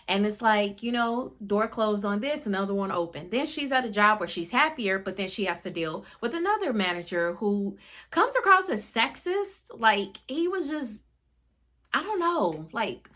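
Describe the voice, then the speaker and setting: Chatting casually about a book, a young woman reviews it in a candid way, sprinkling in plenty of fillers and asides. Her voice is medium-pitched with a fairly bright tone.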